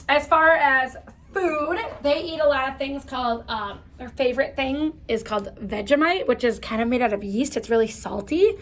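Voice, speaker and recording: A woman's voice: high-pitched, a bit bright, slight background noise. A woman giving a casual lesson to children, chatty with lots of fillers and asides. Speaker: teacher. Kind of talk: casual classroom lesson for kids.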